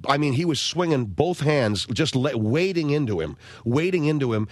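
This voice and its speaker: A man hosting a radio talk show, telling rambling stories and acting out quotes in a higher voice before reading announcements. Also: lively intonation, normal speed, darkish tone, no echo. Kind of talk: casual radio chat and announcements.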